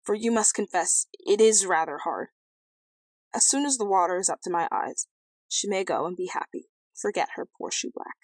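A woman's voice: medium pitch, normal speed, no room sound, close to an everyday voice. A woman doing a cool, blunt young prince. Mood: earnest. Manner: cool, matter-of-fact and polite.

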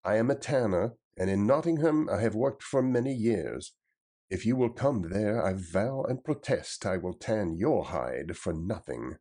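A man voicing a sturdy, boastful tanner who talks in a loud, defiant way. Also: lowish voice, lively intonation, measured pace. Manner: defiant, challenging delivery, raised and louder. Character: blunt, boastful male tanner, sturdy and mocking.

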